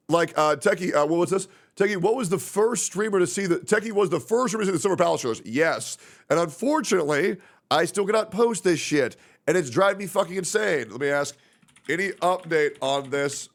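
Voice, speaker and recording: Young guy streamer rambling and cursing, slightly high voice, bouncy animated delivery. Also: fairly quick. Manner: rambling, profane, reacting to chat. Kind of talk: casual livestream chat.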